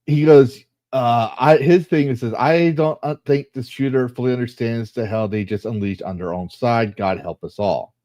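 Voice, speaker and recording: A man's voice: mid-range voice, moderate pace, few pauses, warm tone, dry recording. A man hosting a casual online discussion, reading posts aloud and reacting with blunt, profane commentary. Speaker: host.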